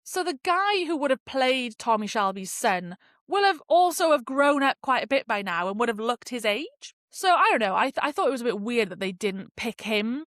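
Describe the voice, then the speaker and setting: With a slightly high, bright voice, big pitch swings, and a moderate pace, a woman podcast host chats casually in review format. She's expressive, using slang and swearing, and the audio is clean studio sound without echo.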